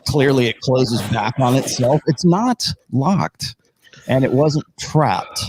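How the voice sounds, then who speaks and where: A man running a tabletop role-playing game as game master, setting scenes in slow descriptive narration. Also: medium pitch, lively intonation, darkish tone, slight background noise.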